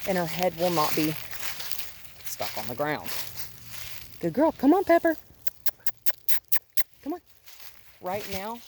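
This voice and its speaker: A woman with a low voice coaches a dog on a walk, explaining her technique as she goes. She talks in a calm, coaxing way, dropping in quick praise between points. Steady outdoor noise sits behind her voice. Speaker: dog trainer. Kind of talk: instructional walk-along narration. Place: outdoors on a residential road.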